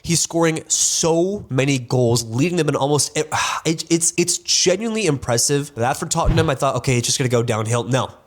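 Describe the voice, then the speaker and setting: A man's voice: fairly high pitch, lively intonation, brisk. A young man hosting a sports countdown, in casual, joking commentary that rambles and restarts often. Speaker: sports channel host.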